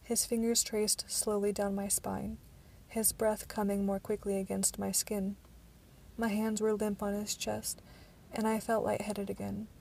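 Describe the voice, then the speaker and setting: Amateur woman audiobook narrator, gravelly and flat, some stumbles and restarts. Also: mid-range voice, measured pace, slight background noise.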